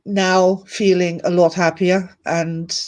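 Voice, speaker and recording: A woman's voice: fairly low pitch, flat delivery, slow pace, a little mellow. A woman hosting a live-streamed talk to her viewers, emotional and teary, speaking candidly, repeating words and swearing now and then. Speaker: host.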